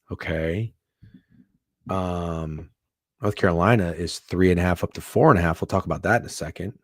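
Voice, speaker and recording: A man hosting a sports betting show, talking casually, swearing freely and swinging from hushed asides to loud bursts. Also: low-pitched, moderate pace, no room sound, studio quality. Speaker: sports betting podcast host.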